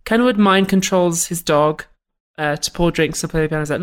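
A woman with a lowish voice retells a film's plot for a podcast. Her delivery is wry and deadpan, in easy casual chat. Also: brisk, smooth. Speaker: podcast co-host. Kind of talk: casual comedic film recap.

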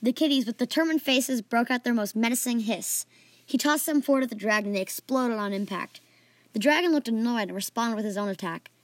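A woman's voice: on the high side, fairly quick, no room sound. A woman narrating a playful, made-up adventure story in a casual way, adding sound effects and asides.

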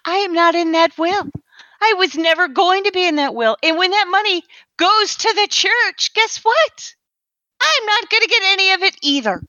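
A woman's voice: sits high, expressive, measured pace, bright, forceful tone, dry recording, dull audio, full character voice. A woman voicing a put-upon working woman who defends herself with sarcasm. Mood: indignant. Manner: indignant, sarcastic.

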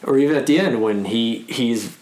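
A man's voice: medium pitch, normal speed, a little mellow, roomy sound. A man co-hosting a podcast, casually and eagerly talking through a movie with plenty of fillers. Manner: enthusiastic fan, lots of fillers. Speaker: podcast co-host.

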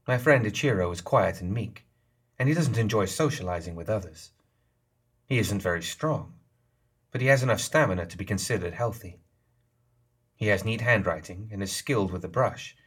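A man's voice: lowish voice, breathy edge. A man reading the lines of a sly, smug female geisha leader in an audiobook, playful and knowing in tone.

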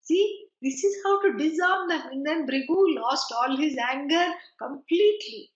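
A woman giving a chatty, digressive spiritual lecture, with quick laughs and asides. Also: sits high, expressive. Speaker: teacher of scripture. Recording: roomy, dull lo-fi recording.

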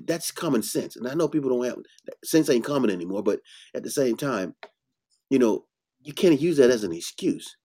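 A man's voice: medium pitch, lively intonation, moderate pace, warm tone, a little hiss or hum. A man hosting a casual health talk as an herbalist, speaking bluntly and preachily with emphatic bursts. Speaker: herbalist host.

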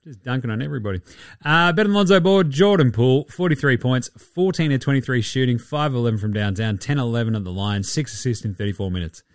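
A man's voice: mid-range voice, quick pace, no echo, clean studio sound. A man with an Australian accent hosting a casual, rambling chat with lots of swearing and chuckling asides. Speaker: podcast host.

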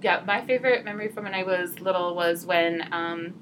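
A woman hosting a podcast in casual chat, telling stories with gushing, animated reactions. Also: lowish voice, fairly quick, slight background noise, poor audio. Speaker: podcast host.

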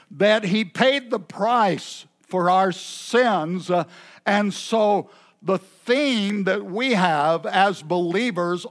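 A man preaching a sermon at an evening church service, halting often with filler pauses. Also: sits high, a bit bright. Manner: unhurried, halting delivery with many filler pauses. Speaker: pastor.

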